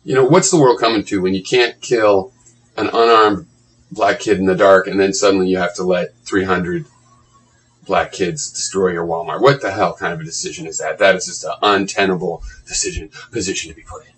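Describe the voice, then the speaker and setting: A man's voice: deep voice, fairly even intonation, fairly quick, fairly bright tone, rough recording. A man reading blog comments aloud and mocking them in a sarcastic, profane running commentary.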